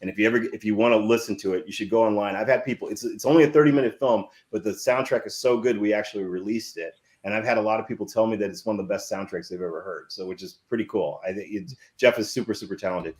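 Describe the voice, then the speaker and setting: Deep-voiced rambling male filmmaker. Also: quick pace, hardly any pauses. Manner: animated, rambling with many restarts. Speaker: filmmaker guest. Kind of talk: casual interview storytelling.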